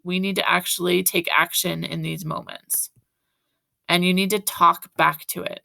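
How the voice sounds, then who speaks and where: A woman's voice: fairly low pitch, fairly even intonation, moderate pace, gravelly, sharp tone, no echo. A woman teacher giving a recorded video lesson, speaking directly to her students in an encouraging way. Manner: encouraging, talks directly to students with frequent "right?".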